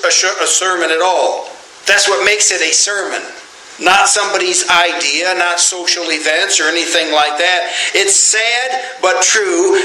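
A middle-aged pastor preaching a sermon in a church, tired, with a folksy, joking manner. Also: male voice, sits high, bright, forceful tone, roomy sound, rough recording. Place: church sanctuary.

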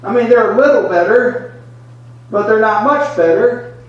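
A man's voice: on the high side, a little fast, dull audio, natural voice. A man preaching, voicing a furious prophet who argues heatedly with God. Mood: indignant. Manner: heated, pleading, insistent. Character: angry indignant male prophet arguing with God. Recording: echoey hall, mic far off.

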